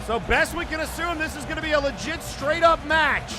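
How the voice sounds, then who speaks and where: A man calling play-by-play for an online wrestling show, excitable and bursting into frantic shouting at big moments. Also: very high voice, brisk. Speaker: wrestling commentator. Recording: loud music and crowd noise behind.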